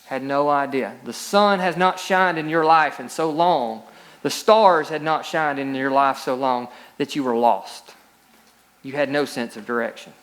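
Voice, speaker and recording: A man's voice: mid-range voice, measured pace, a bit bright. A male pastor preaching a sermon, reading scripture aloud and rising into emphatic peaks.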